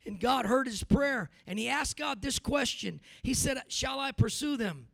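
A middle-aged man preaching a sermon as pastor, moving from quiet storytelling to shouted emphasis, with frequent amens. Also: extremely high pitch, lively intonation, moderate pace, gravelly, no echo.

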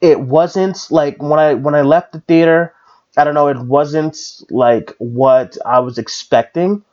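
A man's voice: fairly high pitch, fairly even intonation, a little slow, a little mellow, lo-fi sound. A man hosting a podcast in casual chat, rambling with many fillers and restarts. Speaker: podcast host.

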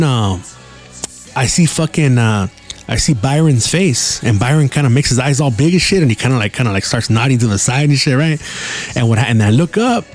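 Cussing man telling stories. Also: mid-range voice. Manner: profane, rambling, laid-back slang. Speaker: podcast host. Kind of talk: casual storytelling.

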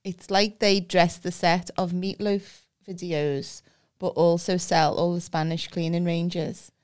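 A woman's voice: on the low side, slow, smooth. A woman with a Liverpool accent, co-hosting a podcast and telling funny stories in casual chat. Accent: Liverpool (Scouse). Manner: storytelling, animated, acts out voices with laughs. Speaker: podcast co-host.

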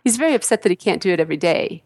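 A woman chatting casually on a gaming podcast, talkative and quick to laugh. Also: on the low side, expressive, darkish tone, no echo. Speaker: podcast co-host. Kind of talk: casual chat.

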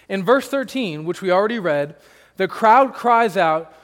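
A man's voice: high-pitched, expressive, unhurried, in a large hall. A man pastor preaching a sermon, conversational and emphatic, with rhetorical questions to the congregation.

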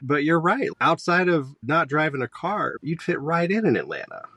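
Animated opinionated man, dry close sound. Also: a little high, normal speed, slightly rough, no room sound. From Georgia, US. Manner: animated, opinionated, wanders onto tangents. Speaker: podcast guest, high school teacher. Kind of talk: casual conversation.

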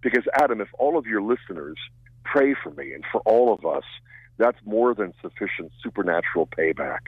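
An older man talks down a thin, phone-like line, his voice low and a little husky. He sounds earnest and keeps asking listeners to pray for him. The sound is dry and close. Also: expressive, a little fast, dry recording. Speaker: guest. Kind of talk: radio interview.

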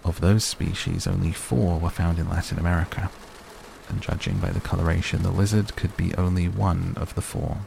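A man with a very low, gravelly voice narrates an audiobook in a steady, even reading. There is clear noise in the recording. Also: normal speed. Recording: noisy recording.

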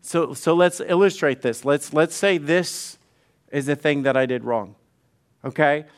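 A man's voice: a little high, unhurried, smooth. A middle-aged male pastor preaching conversationally, often repeating words and acting out quoted dialogue. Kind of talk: sermon.

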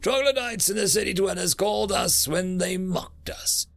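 A man's voice: high-pitched, normal speed, gravelly, fairly bright tone, pitched above the performer's own voice. A man voicing a fiery female orator of an underground people, declaiming with passion in an audiobook. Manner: impassioned declaiming.

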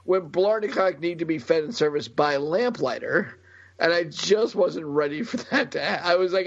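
A man co-hosting a casual comics podcast, jokey and animated, laughing often. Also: on the high side, normal speed, dry recording, highs cut off. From United States. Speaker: podcast co-host. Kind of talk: casual chat about comics.

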